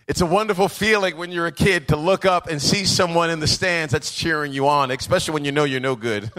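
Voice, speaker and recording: A man preaching a sermon, moving between quiet conversational asides, chuckling stories and a rising, rhythmic preacher's cadence. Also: a little high, fairly quick. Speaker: pastor.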